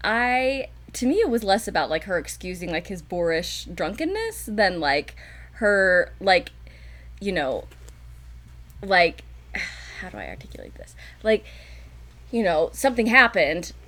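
A woman's voice: medium pitch, unhurried, pauses often. A woman co-hosting a casual book discussion, thinking aloud with many fillers and sighs. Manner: animated, full of fillers and sighs. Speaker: podcast co-host.

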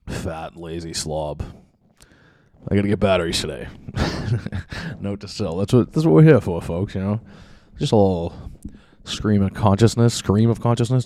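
A man's voice: low-pitched, mellow, dry recording. A man hosting a podcast, rambling in a casual, profane and self-mocking monologue from his home basement. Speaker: podcast host.

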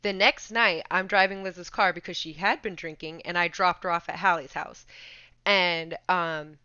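Bright-voiced young woman telling a story. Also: lowish voice, moderate pace, smooth, dry recording. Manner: animated, swearing, laughing storyteller. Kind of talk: casual storytelling chat. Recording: dull lo-fi sound.

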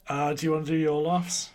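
A man's voice: on the high side, a little mellow. A man co-hosting a casual film talk, laughing often as he speaks. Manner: laughs often while talking. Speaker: podcast co-host.

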